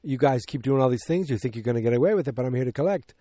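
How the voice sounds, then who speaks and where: A man's voice: mid-range voice, lively intonation, dark tone, dry recording, clean studio sound. A man casually recapping a movie on a podcast, rambling, losing his place and acting out bits of dialogue. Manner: rambling, loses his place, acts out lines in quick voices. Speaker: podcast host.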